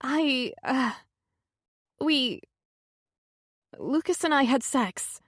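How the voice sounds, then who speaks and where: The woman narrator voices a heartbroken young woman speaking through tears. She stops and restarts in halting, broken phrases. Her pitch sits high and her delivery is slow. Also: lively intonation, a bit bright, husky, no room sound, clean studio sound, full character voice. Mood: tearful. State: tearful.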